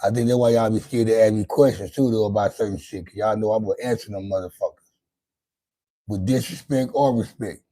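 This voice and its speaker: A man's voice: fairly low pitch, fairly even intonation, a little fast, dark tone. A man hosting his own livestream, talking loosely and profanely to his chat, rambling with lots of restarts. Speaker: livestream host. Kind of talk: casual livestream monologue.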